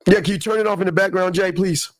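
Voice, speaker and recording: A man hosting a call-in podcast, loud and teasing, repeating names as he talks. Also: high voice, fairly even intonation, quick pace, no echo, studio quality. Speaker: show host taking calls. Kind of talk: casual podcast banter.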